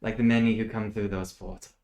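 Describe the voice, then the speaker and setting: A man voicing a soft-spoken, sinister male fey warden in a measured, ominous way. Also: lowish voice, flat delivery, close to an everyday voice. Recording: echoey room.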